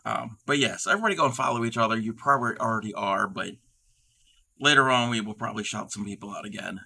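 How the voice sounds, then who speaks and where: Very bright-voiced man chatting on stream. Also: lowish voice, quick pace, vocal fry, slightly rough. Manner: rambling, reading and answering chat aloud. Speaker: livestream host. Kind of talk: casual livestream chat.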